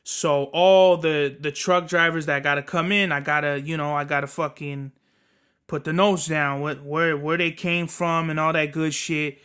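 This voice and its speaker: A young man hosting a podcast, telling work stories in an animated, profane rant. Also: a little high, measured pace, clear, resonant tone. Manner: animated, cursing, storytelling. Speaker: podcast host.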